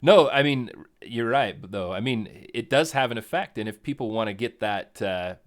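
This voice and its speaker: A man's voice: medium pitch, lively intonation, normal speed. A man co-hosting a live stream in casual chat, rambling and correcting himself, often chuckling. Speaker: co-host of a crypto game stream.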